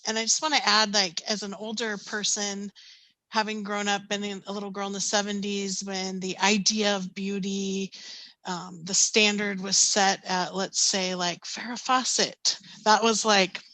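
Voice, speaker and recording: Bright-voiced woman in her fifties telling stories. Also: medium pitch, measured pace, no room sound, poor audio. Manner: animated anecdotes, laughing often, many ums. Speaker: panelist, canoe skipper. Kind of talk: casual storytelling on a panel.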